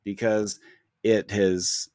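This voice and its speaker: Low-voiced man musing in halting phrases. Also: flat delivery, a little mellow, no room sound, clean studio sound. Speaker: podcast co-host. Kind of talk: casual chat.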